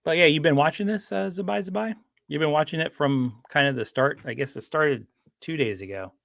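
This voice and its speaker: A man's voice: on the high side, fairly quick, vocal fry, fairly bright tone, no room sound, clean studio sound. A man chatting casually on a livestream, rambling with frequent restarts and fillers. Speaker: streamer.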